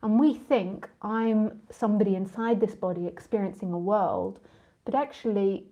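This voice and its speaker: Mellow-voiced woman chatting loosely as a teacher. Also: mid-range voice, normal speed, muffled recording. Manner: chatty, rambling, laughs easily, goes off on tangents. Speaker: spiritual teacher. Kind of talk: casual live talk answering listeners.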